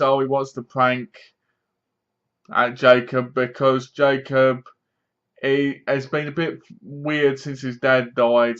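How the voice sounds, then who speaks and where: A man's voice: medium pitch, fairly bright tone. A man giving a casual, rambling spoken review of a horror film, with frequent restarts and asides. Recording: dull lo-fi home recording.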